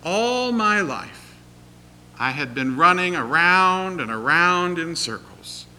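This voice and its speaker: A man preaching, voicing a polite, friendly talking greyhound that once raced, with his pitch lifted. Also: expressive, slow, sharp tone, clear, resonant tone, full character voice. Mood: rueful. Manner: cheerful, courteous, finally rueful.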